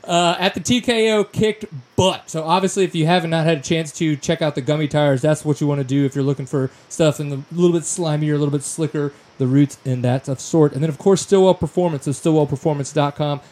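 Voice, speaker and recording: A man from Louisiana hosts a casual podcast chat, reading sponsor plugs with loose slang and easy jokes. His voice sits a little high for a man. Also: steady tone, brisk, hardly any pauses, a little mellow. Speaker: podcast host.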